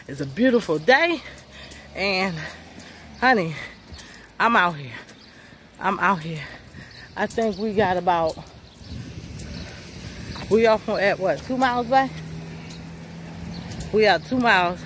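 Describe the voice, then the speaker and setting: A woman's voice: mid-range voice, expressive, slow pace, pauses often, fairly bright tone, slight background noise. Breathless woman vlogging on a walk. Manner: encouraging, chatty, calls viewers honey and y'all. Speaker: fitness vlogger. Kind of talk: casual motivational vlog while walking. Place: outdoors on a sunny neighborhood street.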